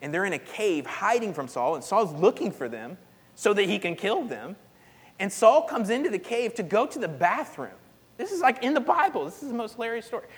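A male pastor preaching in a lively, casual storytelling style, dropping in "like" as he goes. His voice sits a little high for a man. A long hall reverb trails behind every phrase. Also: brisk, breathy edge. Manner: animated storytelling, casual with frequent "like". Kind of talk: sermon.

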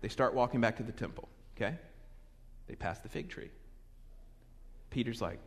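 A man preaching a sermon in a lively, conversational way with humorous asides, recorded with long hall reverb. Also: medium pitch, normal speed, long pauses, slightly rough. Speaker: pastor.

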